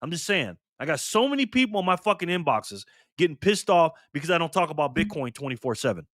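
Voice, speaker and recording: A man in his fifties talks straight to his audience in a high, tense, driving voice. He rants with heat and plenty of profanity, punching each point hard. The sound is dry and close, with no room around it. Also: big pitch swings, fast, fairly bright tone, dry recording. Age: 50s. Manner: heated, profane and emphatic, ranting. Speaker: channel host. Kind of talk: impassioned monologue to camera.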